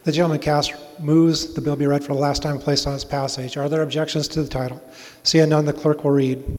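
A man presiding over a state legislature, calling votes and rulings in a measured, ceremonial cadence in a large chamber. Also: on the high side, little pitch movement, a little mellow. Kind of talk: formal parliamentary procedure, calling votes. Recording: long echo of a large chamber.

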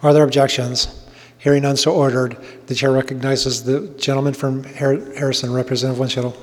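A man presiding over a state house session, calling votes and motions in flat, measured, formulaic phrases. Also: mid-range voice. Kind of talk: formal parliamentary procedure. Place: legislative chamber. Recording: long reverb of a large chamber.

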